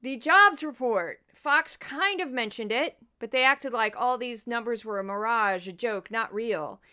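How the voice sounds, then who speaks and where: A woman's voice: on the high side, unhurried, sharp tone, smooth. A woman hosting a podcast, chatty and sarcastic in casual commentary, laughing often. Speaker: podcast host.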